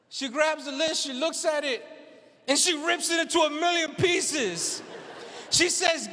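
A man doing stand-up on stage, his voice pitched very high and sharp-edged. He tells his story animatedly and plays its characters himself. The hall around him rings with a long reverb. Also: measured pace, pauses often. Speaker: stand-up comedian. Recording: live venue with long reverb.

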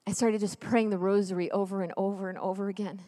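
A woman's voice: medium pitch, flat delivery, fast talker, mellow, in a large hall. A woman in her thirties giving an earnest, emotional testimony talk as a Catholic speaker, at times dropping almost to a whisper. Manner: earnest, emotional storytelling, drops to near whisper.

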